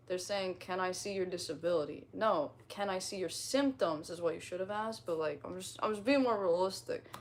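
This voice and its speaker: A woman's voice: fairly low pitch, a little hiss or hum. Laughing, swearing woman chatting on stream. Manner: laughs often, swears freely, rambling and self-deprecating. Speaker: livestreamer reading chat comments. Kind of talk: casual livestream chat.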